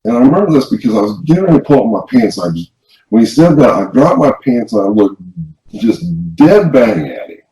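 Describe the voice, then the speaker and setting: A man's voice: mid-range voice, very animated, a little fast, mellow. A man co-hosting a podcast, telling a personal story in a rambling, casual way with frequent restarts. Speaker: podcast co-host. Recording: roomy, dull lo-fi sound.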